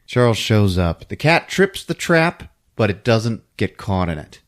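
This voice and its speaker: A male podcast host tells a movie's story for laughs. His pitch swings wildly up and down while he keeps an unhurried pace, laughing and slipping into the characters' lines. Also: very animated. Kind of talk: comedic movie recap. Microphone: podcast microphone.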